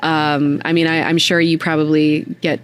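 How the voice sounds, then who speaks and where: A woman hosting a casual interview, rambling with many fillers and acting out quoted voices in a much higher pitch. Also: flat delivery, moderate pace, a little hiss or hum. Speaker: podcast host.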